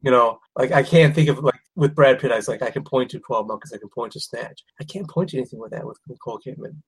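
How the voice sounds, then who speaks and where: A man co-hosting a casual chat, animated and opinionated, rambling through asides. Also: mid-range voice, fast, slightly rough. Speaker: podcast co-host. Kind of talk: casual chat about movies.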